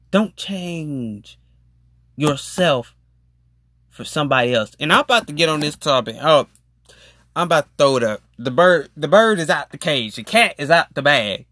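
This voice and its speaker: Animated podcaster ranting with lively swoops. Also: no echo, clean studio sound. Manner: animated, emphatic, swooping up and down in pitch. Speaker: podcast host. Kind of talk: casual rant to listeners.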